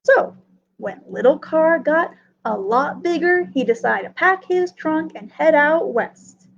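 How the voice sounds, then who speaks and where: A woman reading a children's story with a high, lively, singsong delivery. She paces the telling slowly and expressively. The recording is muffled and lo-fi, with a faint hiss. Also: creaky. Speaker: children's librarian. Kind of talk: children's story time read-aloud.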